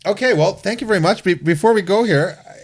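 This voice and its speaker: A man hosts a relaxed podcast conversation. He jokes freely, laughs easily and wanders off into silly asides. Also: sits high, husky. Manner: joking, quick laughs, rambling asides. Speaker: podcast host. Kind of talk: casual chat.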